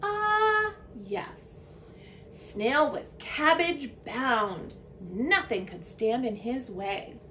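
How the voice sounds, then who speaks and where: A woman teacher reading a children's picture book aloud to young listeners, in an expressive storytelling manner. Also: fairly high pitch, takes it slowly, a little hiss or hum.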